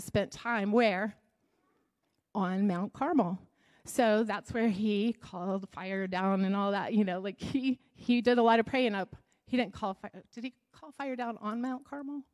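A woman's voice: medium pitch, unhurried, a little mellow. A woman teaching a Bible story in a conversational sermon, often asking the audience questions.

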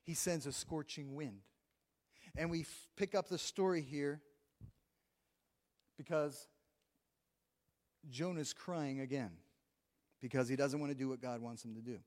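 A man's voice: medium pitch, a little slow, pauses often, darkish tone. A man preaching a sermon in a conversational way, reading scripture aloud between his own remarks. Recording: long reverb of a large hall.

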